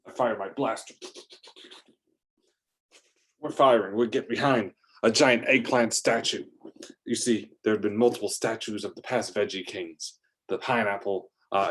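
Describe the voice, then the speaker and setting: A man narrating an improvised adventure story, rambling along with fillers and restarts. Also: fairly low pitch.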